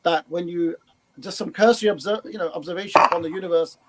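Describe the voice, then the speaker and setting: A man on a panel earnestly explaining an argument, halting and restarting as he goes. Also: sits high, very noisy. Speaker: panel guest. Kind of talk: explaining an argument in casual chat.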